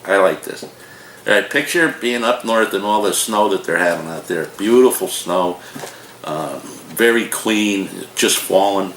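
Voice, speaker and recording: An older man with a low voice chats through a frozen-food review in a homey, digressive way, stopping for jokes and memories. He sounds roomy and echoey, with faint noise underneath, like a kitchen recording. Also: expressive, a little slow, fairly bright tone. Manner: folksy, digressive, joking storyteller. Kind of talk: casual rambling review.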